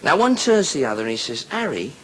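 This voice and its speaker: A man's voice: mid-range voice, big pitch swings, rapid-fire, a bit bright, slight background noise, poor audio. A man telling crude jokes on stage in a bawdy, conversational manner, recorded live. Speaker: comedian. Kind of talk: stand-up joke telling. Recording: live show with laughing crowd. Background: audience laughter.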